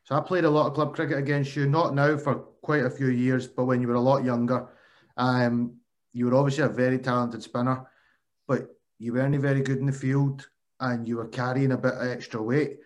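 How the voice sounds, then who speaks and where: A man's voice: mid-range voice, level tone, brisk. Friendly male podcast host. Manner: friendly, calls the guest mate. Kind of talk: casual interview.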